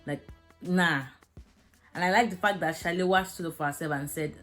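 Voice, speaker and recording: A woman's voice: on the low side, normal speed, pauses often, fairly bright tone, soft background music. A young woman reviewing a drama episode, talking frankly and emotionally with many fillers. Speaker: series reviewer. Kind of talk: casual video review.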